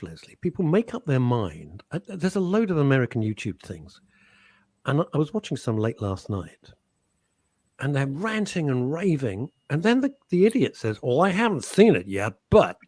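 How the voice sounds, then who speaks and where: British man, radio host, animated pitch, dry close studio sound, teasing banter. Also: dry recording. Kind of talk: casual radio chat. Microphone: studio microphone.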